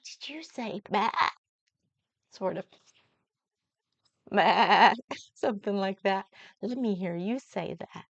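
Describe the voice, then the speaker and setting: Slow sing-song older woman reading to toddlers. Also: mid-range voice, lively intonation, dry recording. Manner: slow, sing-song, coaxing questions to the child. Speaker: children's storyteller. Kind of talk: gentle read-aloud for young children. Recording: dull lo-fi sound.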